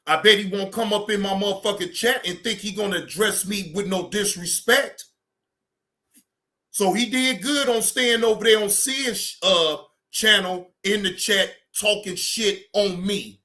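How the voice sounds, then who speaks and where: Male streamer, high-pitched and tense, swearing and venting, then reining it in. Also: measured pace. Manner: heated, repetitive, keeps telling himself to calm down. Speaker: livestream reaction host. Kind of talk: profane livestream rant.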